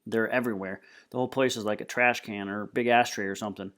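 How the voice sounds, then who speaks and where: A man's voice: lowish voice, quick pace. Man reading a novel aloud. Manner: plain, steady storytelling. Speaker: reader.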